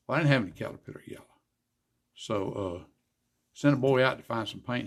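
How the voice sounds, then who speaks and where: An older man with a drawl spins racing yarns in a heavily gravelly, rough voice. He talks in a folksy, lively way and acts out each side of the conversation. His voice sits at an ordinary pitch but carries a husky grain. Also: fairly quick. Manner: folksy, animated storyteller acting out dialogue. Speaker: guest, former racer and car builder. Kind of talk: casual storytelling interview.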